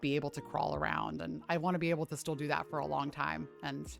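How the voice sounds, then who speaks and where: A woman's voice: low-pitched, little pitch movement, fast, vocal fry, faint music behind. A woman fitness streamer chatting casually on a livestream, swearing freely and ranting with lots of "like".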